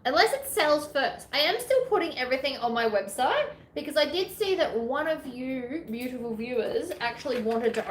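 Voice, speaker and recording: An Australian woman talks through a sewing project in a loose, rambling way, poking fun at herself as she goes. Her voice sits fairly high. The room is echoey, with a faint hum of ambient noise behind her. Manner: chatty, self-deprecating, rambling asides. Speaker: sewing vlogger. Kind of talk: casual sewing tutorial chat.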